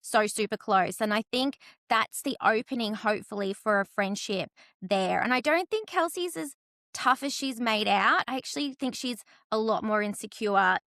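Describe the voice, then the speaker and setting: A woman's voice: a little high, normal speed, pushed and bright, no echo, clean studio sound. A woman hosting a podcast, steering the casual chat with thoughtful, chatty commentary. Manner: chatty, thoughtful, leads the talk. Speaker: podcast host.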